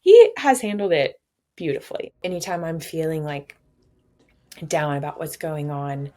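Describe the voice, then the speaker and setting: A young woman with a notably low voice speaks candidly in an interview. She talks in an open, reflective way and sometimes lightens things with a laugh. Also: lively intonation, normal speed, dark tone. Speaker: patient sharing her story.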